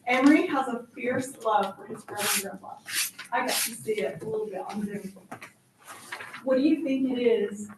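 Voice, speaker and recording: A woman's voice: on the high side, normal speed. Woman leading a class, distant and echoey. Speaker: class instructor. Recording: very echoey room, distant mic, noise.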